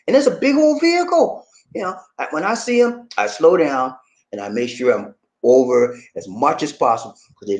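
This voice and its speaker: Lively high-voiced man chatting on a livestream. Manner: animated, drawling, sprinkles "man" throughout. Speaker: vlogger reading live chat. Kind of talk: casual livestream chat.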